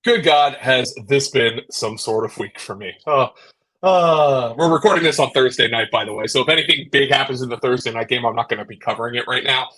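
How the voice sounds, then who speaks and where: A man's voice: mid-range voice, fairly quick, fairly bright tone. A man hosting a fantasy football news rundown, talking through updates with joking, self-deprecating asides. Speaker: host.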